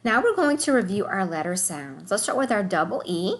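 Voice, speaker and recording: A woman teacher leading a recorded phonics lesson for young children, upbeat, sounding out each word slowly. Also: medium pitch, very animated.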